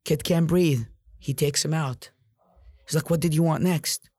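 A man's voice: on the high side, fairly even intonation, measured pace, warm tone, breathy edge, no room sound. A man in real estate giving an intense, profane motivational monologue, repeating himself for emphasis.

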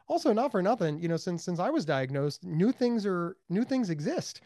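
An American man being interviewed as a mental health advocate, speaking emphatically and with high energy, repeating words for stress. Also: big pitch swings, a little fast, hardly any pauses, warm tone, no room sound, studio quality. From United States. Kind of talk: animated interview talk.

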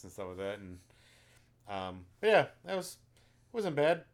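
His voice is fairly low and sing-song, unhurried, with long pauses. He co-hosts a relaxed movie podcast, retelling plots at length in a rambling way loaded with ums and likes.

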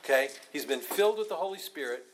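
A man's voice: a little high, animated, fast, slight background noise. A man leading a Bible study, teaching with emphatic, repeated phrases.

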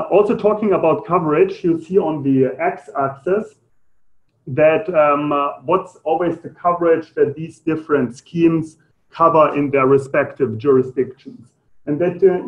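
Man, German accent, lecturer, hesitant with fillers, slightly high voice, muffled lo-fi sound. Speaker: lecturer on carbon pricing. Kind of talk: live lecture to an audience.

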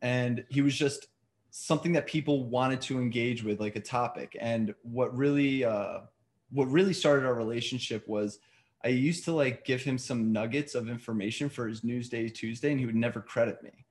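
A man from New York, a podcast guest telling rambling, animated stories in casual chat. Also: medium pitch, moderate pace.

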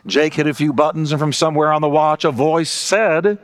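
A man with a somewhat high voice speaks a little quickly as a pastor delivering a sermon. He tells stories with emphasis and acts out the characters' lines, playing the different voices in a joke.

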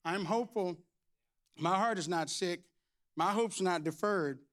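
High, bright-voiced energetic preacher man. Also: unhurried. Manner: energetic, playful preaching with shouts and humor. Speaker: pastor. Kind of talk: sermon.

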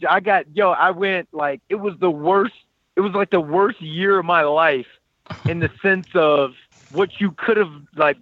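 A man in his thirties casually telling a personal story, animated and acting out what others said. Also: on the high side, dry recording, dull audio. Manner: animated, quotes people in lively voices.

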